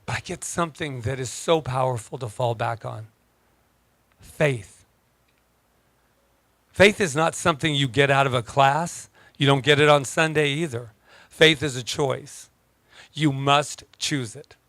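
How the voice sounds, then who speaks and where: A man's voice: medium pitch, unhurried, long pauses, fairly bright tone, dry recording. A man preaching a sermon as a minister, joking in a conversational way and then turning emphatic. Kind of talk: playful sermon. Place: church service.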